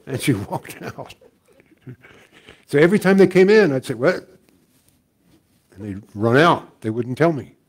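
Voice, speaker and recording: Relaxed, chuckling older man storyteller. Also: mid-range voice. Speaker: guest teacher. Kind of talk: storytelling talk.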